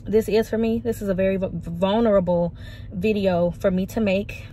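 A woman's voice: medium pitch, steady tone, normal speed, warm tone. Young woman vlogger in her twenties, candid and confiding, talking in her car into a phone, light background noise. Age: 20s. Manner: frank, emotional, confiding. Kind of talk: candid personal vlog. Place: parked car.

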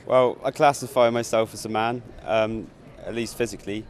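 A man answering an interview question hesitantly, with many hedges and pauses. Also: on the low side, fairly even intonation. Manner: hesitant, hedging. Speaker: student interviewee. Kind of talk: street vox pop answer.

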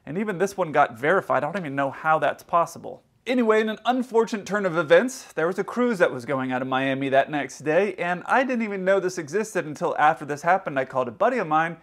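Middle-aged pilot guy rambling through stories, voice on the high side, laid back vlog chat. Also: quick pace, few pauses. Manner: relaxed, rambling, with frequent restarts and quoted dialogue. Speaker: airline pilot telling stories. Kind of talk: casual storytelling vlog.

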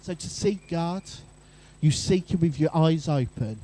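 Lively pastor preaching. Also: male voice, on the high side, measured pace, low-quality recording. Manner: lively storytelling with asides to the congregation. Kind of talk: sermon. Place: church.

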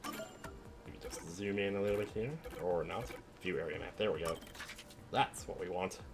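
A man's voice: deep voice, moderate pace. A young adult man streaming a story game, chatting casually and rambling between moments of play. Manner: rambling, chatty, trails off with fillers like "like". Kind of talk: casual chat while gaming. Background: game music.

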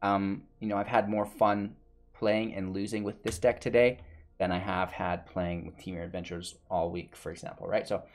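Man, low voice, tired and winded, rambling casual commentary, faint music behind. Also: little pitch movement, normal speed. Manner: chatty, rambling, lots of fillers. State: tired, out of breath. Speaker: gaming YouTuber and streamer. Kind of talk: casual gameplay commentary and channel outro.

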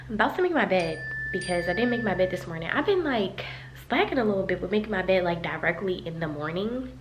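A woman's voice: mid-range voice, slight background noise, poor audio. A woman in a casual vlog, talking chattily to her viewers and rambling through her plans. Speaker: vlogger. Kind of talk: casual vlog chat to camera.

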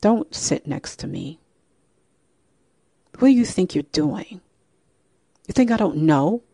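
A woman's voice: low-pitched, huge pitch swings, takes it slowly, gravelly, dark tone, husky, dry recording, clean studio sound, exaggerated voice. A woman voicing a hostile, paranoid young woman who snaps back at her mother. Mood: accusing. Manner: curt, defensive, accusing.

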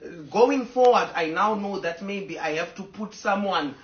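In a casual live video from her fireplace-equipped home, a social media personality speaks to fans in an emotional, rambling way, stopping at times to order her dogs to sit. She talks at a moderate pace in an expressive, medium-pitched voice, recorded from a distance with reverb and the highs cut off.

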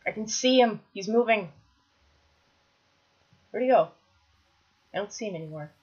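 A woman commentating her own gameplay, chatty, bursting into excited shouts when things go wrong. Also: medium pitch, normal speed, lo-fi sound. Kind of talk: Minecraft let's play commentary.

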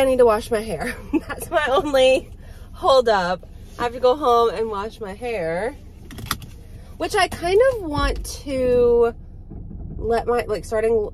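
Woman vlogger, casual chat, thinking aloud, soft asides, handheld phone. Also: a little high, a little hiss or hum.

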